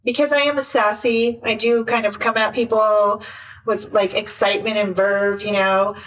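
A woman's voice: medium pitch, normal speed, far from the mic, rough recording. Woman guest chatting, acts out voices, bit off-mic. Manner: animated, acts out voices in quotes. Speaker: guest, life coach. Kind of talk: casual interview chat.

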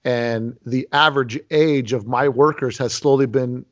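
A man's voice: mid-range voice, measured pace. Chatty man with muffled sound. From Las Vegas. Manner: animated storyteller, many restarts. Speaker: host. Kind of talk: casual podcast conversation. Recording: lo-fi muffled audio.

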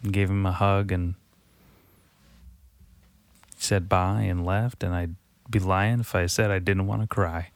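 Speaking at a measured pace with frequent pauses, a deep-voiced man in his twenties keeps a level tone while hosting his late-night solo podcast. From a darkened room lit by Halloween lights, he rambles confessionally, swears a lot, and leans on filler words. The recording is dry.

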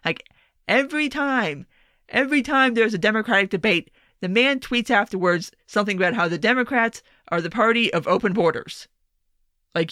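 A woman's voice: medium pitch, a bit bright, no room sound, studio quality. A woman giving casual political commentary, sarcastic and profane, often exasperated.

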